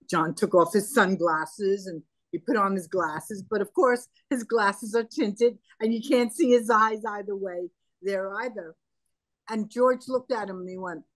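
With a mid-range voice and no room sound, an older woman appears as a guest in an interview. She recounts past events anecdotally and conversationally, performing the dialogue as she goes.

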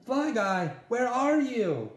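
An eager young boy from a picture book calls out in high, excited bursts, as a man puts him on. The voice leaps up and down with lively swings. It rings around an echoey room. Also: takes it slowly, exaggerated voice. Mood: urgent. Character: eager young boy calling for his pet.

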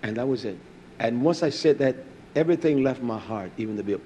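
An older man gives a testimony, telling a personal story at a fairly quick pace in a medium-pitched voice. He animatedly acts out what people said and repeats words often, while the highs are cut off and slight background noise lingers.

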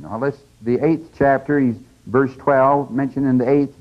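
A man's voice: mid-range voice, fairly even intonation, a little slow, hardly any pauses. A man giving a conversational, emphatic scripture lecture to a class, often checking in with his listeners. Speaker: religious lecturer. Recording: dull lo-fi 1980s lecture tape.

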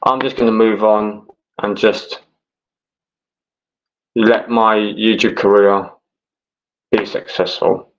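A man's voice: fairly low pitch, flat delivery, slow, long pauses, highs cut off. Agitated man ranting on stream. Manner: agitated, blunt and swearing, repeats himself. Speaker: livestreamer. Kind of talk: ranting livestream talk.

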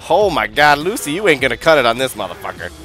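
A man voicing a foul-mouthed, drug-addled wasteland junkie with excitable, rambling, profane game commentary. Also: mid-range voice, fast, soft background music. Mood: excited. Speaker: game streamer. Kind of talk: role-play game commentary.

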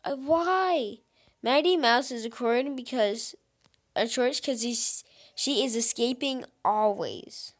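This gaming channel host has a fairly high voice and talks a little slowly, yet her let's-play commentary is excitable. She speaks directly to viewers and is full of exclamations.

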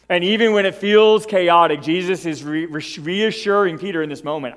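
A man preaching a sermon as pastor, emphatic and animated, who keeps checking in with the congregation by asking "right?". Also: high voice, normal speed, few pauses, in a large hall. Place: church sanctuary.

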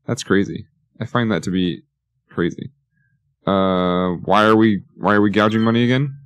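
A man's voice: lowish voice, fairly even intonation, normal speed, clear, resonant tone, no echo. A man giving casual, rambling let's-play commentary, joking and talking to himself as he builds. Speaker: gaming YouTuber.

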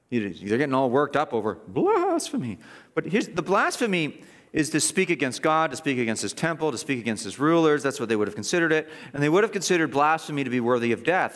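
A man's voice: a little high, fairly bright tone, long reverb tail. A man preaching a sermon as pastor, impassioned, with mocking asides and repeated words. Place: church sanctuary.

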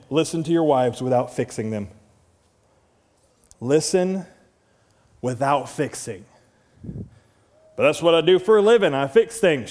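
A man preaching a sermon, animated, acting out quoted voices with big swings up in pitch. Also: in a large hall. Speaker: pastor. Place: large church hall.

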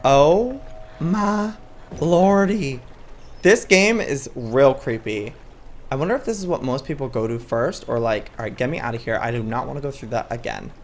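Excitable male game commentator. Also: mid-range voice, moderate pace. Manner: excitable, dramatic exclamations. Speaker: gaming channel host. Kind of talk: let's play commentary.

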